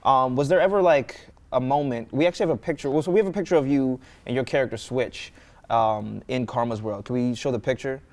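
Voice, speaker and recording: A man hosts a relaxed interview, joking and teasing his guest. He rambles through his questions with fillers and restarts. The talk comes from a college radio studio. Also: mid-range voice, fairly quick. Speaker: talk show host. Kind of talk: casual interview chat.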